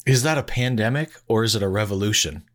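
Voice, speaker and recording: A man hosting a casual podcast conversation, his voice sitting a bit low. He talks in a thoughtful, measured way and takes time to reflect on his opinions. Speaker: podcast host. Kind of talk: casual chat.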